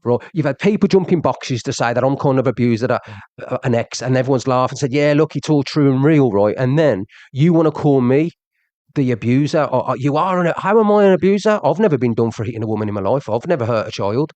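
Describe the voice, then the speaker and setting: A man's voice: mid-range voice, lively intonation, fast, a little mellow, dry recording, dull audio. A young man in a heated rant to his audience, agitated and repetitive, pressing his listeners with questions. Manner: agitated, keeps asking "do you understand", repeats himself. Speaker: social media streamer.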